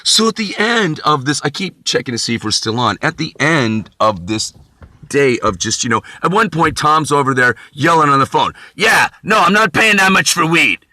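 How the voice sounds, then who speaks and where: A man's voice: mid-range voice, expressive, moderate pace, pushed and bright. A man vlogging, telling a rambling, profane comic story with frequent asides.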